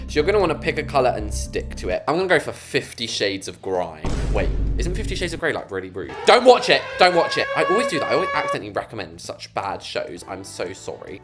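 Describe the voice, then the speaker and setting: A man's voice: mid-range voice, fairly bright tone. A young man from England with an English accent, chatting casually and jokily while building in a game as a vlogger. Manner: chatty, jokey, playfully dramatic. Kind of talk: casual gameplay commentary.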